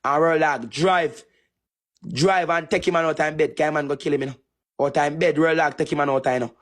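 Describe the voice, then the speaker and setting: A man speaking in a thick Jamaican Patois accent, his voice sitting a little high for a man. He rants on a live stream in a heated, taunting way and hammers the same phrases over and over. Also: fairly even intonation, brisk. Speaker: TikTok streamer. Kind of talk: angry insult rant on a live stream.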